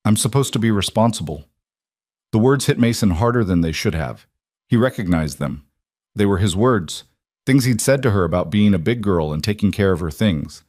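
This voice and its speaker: Man, low voice, scripted story narration, measured, dry close sound. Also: expressive, darkish tone, no echo.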